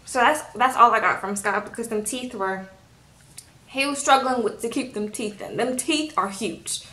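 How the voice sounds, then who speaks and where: A woman casually recapping a reality show in a sassy, animated way and acting out what people say. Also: a little high, moderate pace, echoey room. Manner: animated, sassy, acts out quotes. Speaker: YouTube reality-show reviewer.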